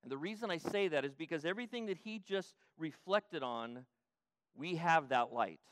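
Brief: older man, pastor, emphatic repetitive sermon, higher voice, dry close sound. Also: animated, moderate pace, dry recording. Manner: emphatic, repetitive preaching that often restarts and rises to loud peaks.

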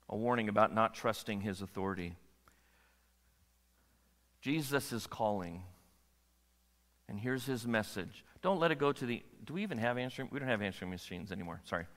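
A man preaching a sermon as a pastor, animated and often checking in with the audience. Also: mid-range voice, in a large hall. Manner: animated, asks the audience questions.

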